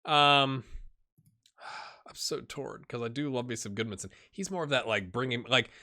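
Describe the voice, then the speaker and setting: A gaming YouTuber with a medium-pitched, sharp-toned voice talks at a moderate pace through his football management game. His casual let's-play commentary is rambling and chatty, and he often calls his viewers "my friends."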